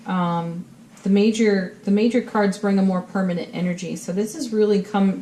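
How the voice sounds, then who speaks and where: A woman's voice: mid-range voice, mellow, slight background noise. Upbeat woman giving a tarot reading. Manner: upbeat and encouraging, with spiritual phrasing. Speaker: tarot reader. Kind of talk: monthly tarot reading for viewers.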